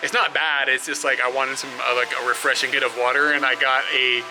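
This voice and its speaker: A man's voice: medium pitch, level tone, fairly quick, music in the background, rough recording. A young man talking casually to his camera outdoors, rambling with fillers and laughing often. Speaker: travel vlogger. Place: outdoors by roads and rest stops. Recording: outdoor camera audio with clear traffic noise.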